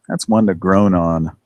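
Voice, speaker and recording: A man's voice: sits low, no echo. A man hosting a live prank call show, chatting casually, rambling and laughing often.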